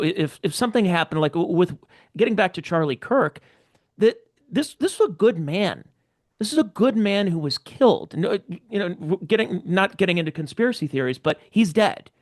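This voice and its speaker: A man hosting a podcast interview, talking in a rambling way with stammering restarts. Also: sits high. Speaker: podcast host.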